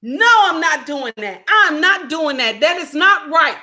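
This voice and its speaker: A middle-aged woman, giving an impassioned commentary monologue, repeating her points and shouting for emphasis. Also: sits high, animated, measured pace. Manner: preachy, repeats lines for emphasis, shouts at times. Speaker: commentary vlogger.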